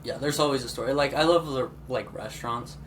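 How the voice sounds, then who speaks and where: A man's voice: mid-range voice, fairly quick. A young man co-hosting a casual podcast with his sister, rambling through stories with lots of fillers. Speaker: podcast co-host. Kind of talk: casual chat. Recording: faint background noise.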